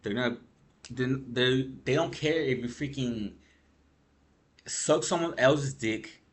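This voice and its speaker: A man's voice: medium pitch, takes it slowly. A man vlogging gaming news in a rambling, slangy rant, tired from lack of sleep. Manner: rambling, slangy, frequent "bro" and "freaking". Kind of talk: casual ranting commentary.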